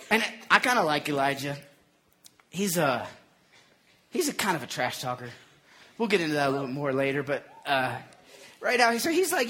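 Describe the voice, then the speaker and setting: A man's voice: high-pitched, very animated, moderate pace, a bit bright. A man preaching a casual, jokey sermon, retelling scripture in everyday slang.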